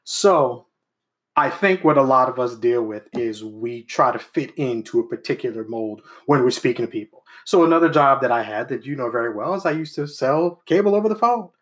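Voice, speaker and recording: A man's voice: medium pitch, expressive, fairly quick, fairly bright tone. Guy chatting casually, medium voice, tells stories and does the voices of people he's quoting. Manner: storytelling, acts out voices of people he quotes. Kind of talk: casual chat.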